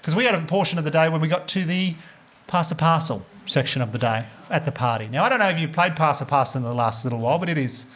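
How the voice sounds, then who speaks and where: On a comedy club stage, an Australian man does stand-up, telling a story at a quick pace with animated delivery and swearing. He acts out the other characters with big jumps in pitch, and the recording picks up a laughing audience.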